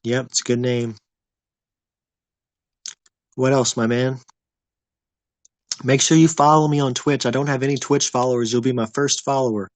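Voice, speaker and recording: A man's voice: medium pitch, steady tone, normal speed, long pauses, no room sound. A man hosting a casual livestream, chatting with viewers in a rambling, laid-back way. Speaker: livestream host.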